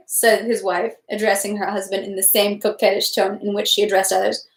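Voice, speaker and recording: A woman's voice: mid-range voice, flat delivery, a little fast, few pauses. A woman reading a classic novel aloud, carefully, stumbling now and then over French words. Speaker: reader. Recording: echoey room.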